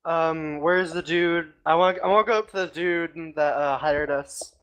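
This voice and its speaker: A man with a slightly high voice talks casually as a player at a tabletop game. He grumbles and jokes. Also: normal speed, fairly bright tone, clean tone.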